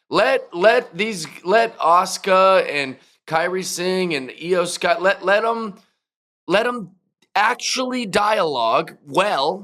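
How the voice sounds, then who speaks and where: A man's voice: sits high, fairly bright tone. A man, a touring comedian, chatting as a guest and making emphatic points. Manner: opinionated, emphatic. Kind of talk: casual podcast chat.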